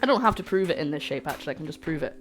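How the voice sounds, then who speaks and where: With a low, sing-song voice and a racing pace, this woman runs a cooking livestream. She chats playfully with viewers as she works, over faint background music.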